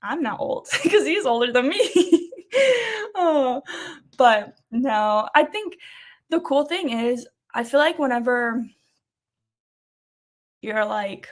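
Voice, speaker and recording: A woman's voice: high-pitched, expressive, takes it slowly, pauses often. A young woman in her twenties hosting a casual weekly live chat, rambling and laughing often.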